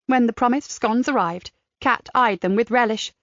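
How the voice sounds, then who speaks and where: A woman reads a crime novel aloud in a measured, descriptive way. The recording is dry and close, with a slightly muffled tone. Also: on the high side, a bit bright, no echo. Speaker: audiobook narrator. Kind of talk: scripted narration. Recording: dry, slightly dull studio sound.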